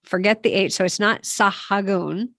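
A woman's voice: on the low side, expressive, unhurried, no room sound, clean studio sound. A woman who is a native English speaker hosting a podcast language lesson, upbeat and self-deprecating as she prompts each word. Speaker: podcast host.

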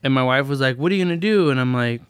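A man's voice: medium pitch, rapid-fire, smooth, no room sound. A man in his late twenties telling a story in casual chat, acting out the lines of the people in it. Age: 20s. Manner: animated storyteller, acts out quoted dialogue.

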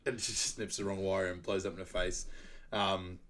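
Male podcast co-host, lowish voice, chatty movie recap, laughs a lot. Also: level tone, normal speed. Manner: laughs often, acts out quoted lines loudly. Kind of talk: casual movie recap chat.

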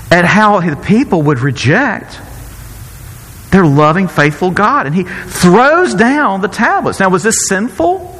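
A pastor preaching a conversational sermon, acting out quotes and often chuckling. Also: male voice, high voice, fairly bright tone, in a large hall.

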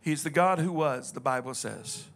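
Pastor, man, high bright voice, preaching with shouted peaks and hushed stretches. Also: normal speed, faint music behind. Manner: preaching, swings from loud shouting to quiet reflective talk. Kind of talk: sermon.

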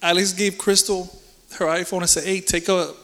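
A man tells a heartfelt faith testimony in relaxed, slangy speech, stumbling and repeating himself when moved. His voice is bright and a touch high for a man. Long reverb from a large hall trails his words. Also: moderate pace. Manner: earnest and emotional, casual slang, repeats words. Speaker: church member giving a testimony.

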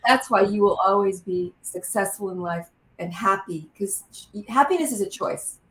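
Woman, interview guest, animated storyteller, roomy echo. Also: mid-range voice, normal speed. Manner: lively anecdote teller, acts out quotes.

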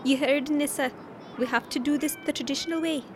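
A woman with an Irish accent acting in an audio drama, brisk, bossy and playful. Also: high-pitched, steady tone, background noise, close to an everyday voice.

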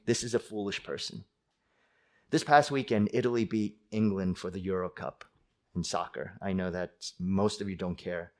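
Middle-aged guy preaching, animated, mid-pitch voice, jumps into loud angry voices. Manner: animated, acts out angry voices with sudden loud high bursts. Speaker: pastor. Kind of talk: sermon.

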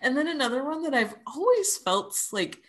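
Lively woman podcast co-host. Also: sits high, normal speed. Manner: warm, animated, laughs often. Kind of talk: casual chat.

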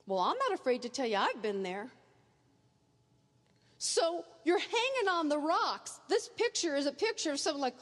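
A woman's voice: high-pitched, very animated, moderate pace, fairly bright tone. A woman preaching a sermon, earnest, painting vivid pictures and speaking straight to her listeners. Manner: earnest, vivid second-person imagery. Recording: echoey hall reverb.

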